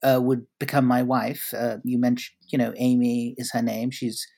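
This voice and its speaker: A middle-aged man from Britain talks through personal stories in an interview. His voice sits at an ordinary pitch, and his delivery is wry and halting, full of small restarts. He breaks into a laugh now and then as he recalls events. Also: level tone, vocal fry, warm tone. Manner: anecdotal, hesitant with restarts, wry. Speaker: interview guest, journalist. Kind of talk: conversational interview.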